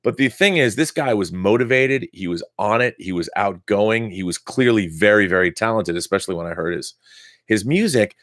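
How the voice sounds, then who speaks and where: A man's voice: on the low side, animated, moderate pace, a bit bright, no room sound, clean studio sound. A man hosting a live stream, telling a story in an enthusiastic, rambling way. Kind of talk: casual live-stream monologue.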